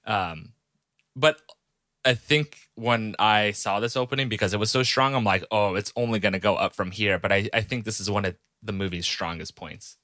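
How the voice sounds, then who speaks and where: A young man co-hosting a movie podcast, talking slowly and hesitantly with many fillers in casual chat. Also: on the low side, sharp tone, no room sound, clean studio sound. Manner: hesitant, many fillers and restarts, slow and careful. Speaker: podcast co-host.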